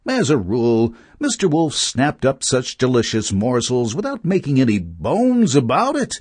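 A man narrating children's fables with expressive, measured storytelling. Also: medium pitch, breathy edge, no echo, studio quality. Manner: slow, expressive reading.

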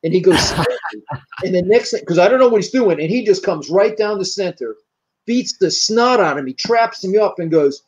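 A man's voice: high-pitched, lively intonation, normal speed, lo-fi sound. An older American man, a martial arts grandmaster, telling long rambling stories in an interview and acting out the dialogue. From United States. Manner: rambling, anecdotal, acts out quoted dialogue. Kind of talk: storytelling in an interview.

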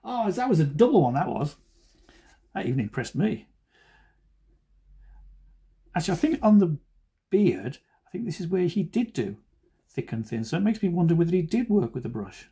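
A man's voice: a little high, big pitch swings, normal speed, long pauses, warm tone, slightly rough. A man who is a cartoonist, talking casually while he draws and making joking, self-deprecating asides. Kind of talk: chatty drawing commentary.

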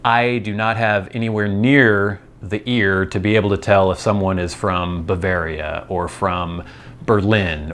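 A man's voice: low voice, fairly bright tone, slight background noise. A man hosting a vlog, thinking aloud in a casual, rambling monologue with self-deprecating asides. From United States. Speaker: vlog host.

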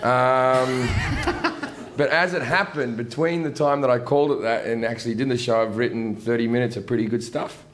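A man's voice: mid-range voice, normal speed, a little hiss or hum. A male comedian being interviewed on stage in front of a live audience, self-mocking and laid-back. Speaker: comedian guest. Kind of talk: interview chat.

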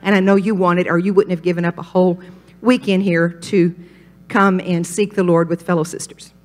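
An older woman preaching a sermon at a women's retreat, animated and folksy, jumping up in pitch for emphasis. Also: fairly quick. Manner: animated, folksy storytelling with sudden rises in pitch.

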